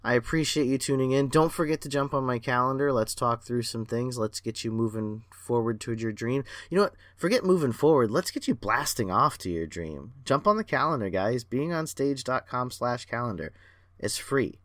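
A man hosting a solo podcast as a performance coach, excitable and rambling, talking in a self-aware way. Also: medium pitch, normal speed, no room sound, clean studio sound.

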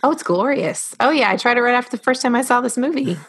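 A woman co-hosting a casual movie podcast, animated and laughing often. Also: on the high side, fast, breathy edge. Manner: giggly, animated. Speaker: podcast co-host.

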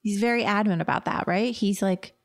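A middle-aged woman chatting casually as a podcast co-host, reassuring and quick to laugh. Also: medium pitch. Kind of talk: casual chat.

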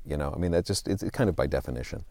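A man's voice: very deep voice, rapid-fire, warm tone, no echo. A man in his sixties, an interview guest telling stories about his career in a rambling, self-deprecating way. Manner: rambling, self-deprecating, with many fillers and restarts. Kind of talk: conversational interview.

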